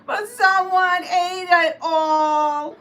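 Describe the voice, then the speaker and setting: A woman's voice: drawn-out words, fairly bright tone, heavily acted. Woman doing a crying little baby bear. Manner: whiny crying voice, high.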